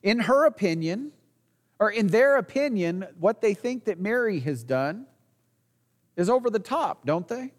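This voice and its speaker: High-voiced man preaching in a reverberant church. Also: lively intonation, measured pace. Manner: earnest preaching with rhetorical questions and small restarts. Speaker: pastor. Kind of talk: sermon.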